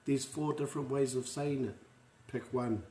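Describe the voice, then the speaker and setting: A man's voice: medium pitch, fairly even intonation, normal speed, mellow, reverberant. A man with a New Zealand accent teaching pronunciation in an online lesson, patiently repeating each word for learners to say after him. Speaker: language teacher.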